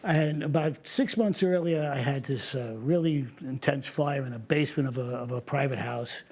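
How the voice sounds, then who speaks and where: A man's voice: mid-range voice, moderate pace. A man, a retired fire captain telling stories in a casual interview, acting out what people said and laughing often. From New York. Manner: animated storyteller, acts out quoted lines, laughs often.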